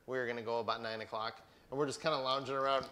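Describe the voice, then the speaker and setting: A man's voice: medium pitch, little pitch movement, rapid-fire, sharp tone, slight background noise. A middle-aged man co-hosting a casual craft livestream, teasing his wife and reading viewer comments aloud. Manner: teasing, laughing storyteller.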